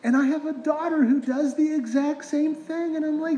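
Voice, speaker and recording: High-voiced man preaching in an echoing hall. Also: fairly even intonation, normal speed, mellow, muffled recording. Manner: conversational preaching with rhetorical questions. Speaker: pastor. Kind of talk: sermon.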